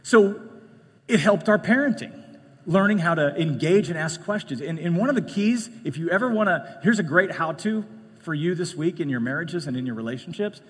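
A man preaching a sermon in a conversational way, jumping from loud, emphatic lines to hushed ones and slipping in joking asides. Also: fairly high pitch, lively intonation, normal speed, slightly rough. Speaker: pastor. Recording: long reverb of a large hall.

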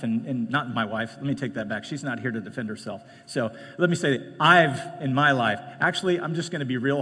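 A man preaching a sermon in a conversational way, jumping from loud, emphatic lines to hushed ones and slipping in joking asides. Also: medium pitch, husky. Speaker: pastor. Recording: long reverb of a large hall.

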